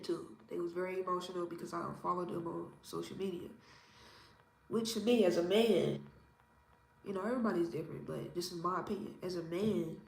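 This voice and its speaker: A woman in her thirties from Indiana, giving her opinions in a casual interview in a calm, measured, self-assured way. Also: fairly low pitch. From Indiana, USA. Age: 30s. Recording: roomy echo with faint ambience.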